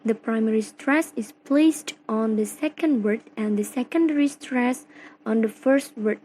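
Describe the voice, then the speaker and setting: A young woman from Indonesia with an Indonesian accent, reading a class presentation slowly and carefully, phrase by phrase. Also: on the high side, dark tone, slight background noise, rough recording. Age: young adult. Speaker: student presenter. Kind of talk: read-aloud class presentation.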